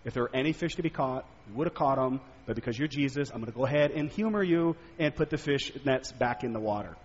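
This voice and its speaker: A man's voice: mid-range voice, animated, fast, pitched below the performer's own voice, natural voice. A preacher acting out a weary, grudging fisherman. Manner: sighing, grudging, forced patience. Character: weary adult male fisherman, grudgingly patient. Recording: echoey hall, dull lo-fi sound.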